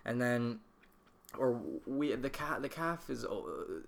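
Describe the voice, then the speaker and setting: Animated young man telling a story. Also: medium pitch, takes it slowly, vocal fry. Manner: animated, swears freely, laughs through story. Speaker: podcast co-host. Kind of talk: casual podcast storytelling.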